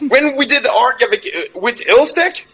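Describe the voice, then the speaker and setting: Very high, bright-voiced taunting man. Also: animated, measured pace, breathy edge, poor audio. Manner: taunting, swearing, laughing at the other. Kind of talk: heated voice-chat argument.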